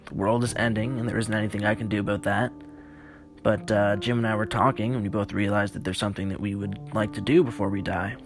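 A man's voice: on the low side, fairly even intonation, quick pace, music in the background, natural voice. Man voicing a cruel, taunting gunman. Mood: menacing. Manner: snarling, taunting threats. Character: menacing armed male survivor, cruel and crude.

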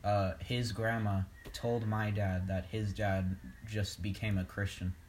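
A woman's voice: a bass voice, level tone, a little slow, darkish tone, a little hiss or hum. A young woman joining a casual podcast chat, telling rambling family stories. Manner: rambling storyteller.

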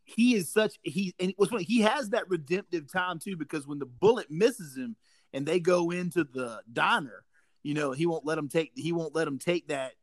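Male podcast co-host, slightly high voice, rambling delivery, dry close recording. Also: moderate pace, dry recording. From South Carolina Lowcountry. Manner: rambling, many restarts. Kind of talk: casual chat.

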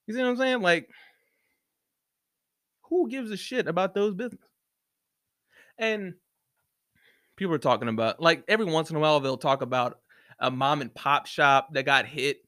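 A man's voice: fairly high pitch, animated, moderate pace, pauses often, sharp tone. A man hosting a solo podcast, ranting in a profane, heated and sarcastic way, often mocking other people's views. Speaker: podcast host. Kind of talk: opinionated solo podcast rant.

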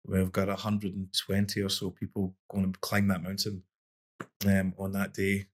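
A middle-aged boxing coach, appearing as a podcast guest, tells stories in a relaxed, rambling way, often restarting his sentences. His voice is low and monotone, at normal speed.

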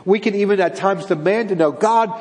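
A man preaches a sermon in a slightly high voice, earnest and direct, often asking his listeners rhetorical questions and doubling back on his words. His voice carries a long reverb, as if it were caught in a big church sanctuary. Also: quick pace, darkish tone. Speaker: pastor. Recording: long reverb of a large hall.

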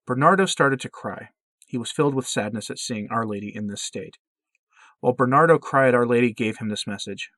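A man narrating a religious account in an earnest, steady reading with occasional slips. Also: mid-range voice, normal speed, no echo.

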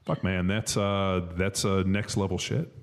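A man's voice: low-pitched, flat delivery, measured pace, smooth. A man, a former football player, co-hosting a podcast in casual, profane chat full of fillers. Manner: loose and profane, lots of fillers. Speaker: podcast co-host.

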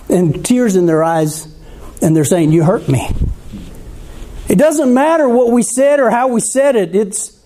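High-voiced preacher, mellow. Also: male voice, a little hiss or hum. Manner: conversational preaching, asks the congregation questions. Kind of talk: sermon.

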